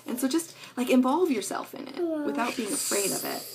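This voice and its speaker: A woman's voice: a little high, animated, a little fast, vocal fry, noisy background. A middle-aged woman talking casually to camera at home, rambling and earnest with lots of fillers. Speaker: parenting vlogger.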